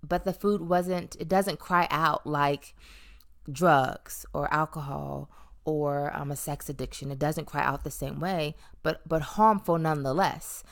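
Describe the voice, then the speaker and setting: With vocal fry and a slightly slow delivery, a low-voiced woman shares her weight-loss experience in a frank vlog monologue. Her steady tone stays conversational and reflective, punctuated by many ums and teasing emphasis.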